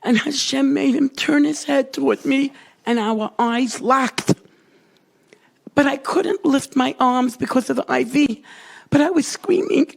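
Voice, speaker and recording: A woman giving an emotional personal testimony, swinging from loud cries to hushed whispers. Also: high voice, unhurried, gravelly. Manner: dramatic, rises to cries and drops to whispers. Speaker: storyteller recounting a hospital ordeal.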